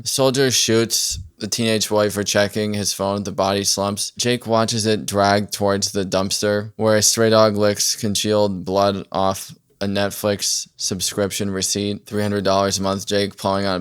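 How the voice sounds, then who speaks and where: A man reading scripted narration in a flat, deadpan way. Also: lowish voice, measured pace, few pauses, clear, resonant tone.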